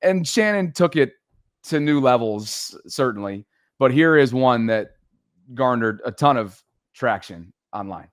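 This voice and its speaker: Animated man hosting a sports podcast. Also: mid-range voice, measured pace, dry recording, studio quality. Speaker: podcast host.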